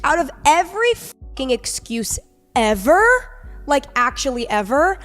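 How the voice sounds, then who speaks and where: A woman's voice: sits high, expressive, a little slow. A woman hosting a podcast, blunt, sarcastic and profane. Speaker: podcast host. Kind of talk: podcast conversation.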